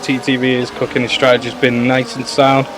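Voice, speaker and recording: A man runs live commentary on an online race and keeps chatting with viewers and his co-host. He is excitable and talks at a mid pitch. A faint hiss of noise sits under the stream. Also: brisk. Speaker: league owner and race commentator. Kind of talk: live sim racing commentary.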